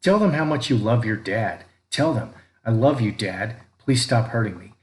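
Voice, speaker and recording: Brief: man reading as menacing abusive dad, low and cold. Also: expressive, moderate pace, lightly acted. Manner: cold, threatening, mocking. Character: cruel abusive father, grown man, menacing. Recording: echoey room with faint background noise.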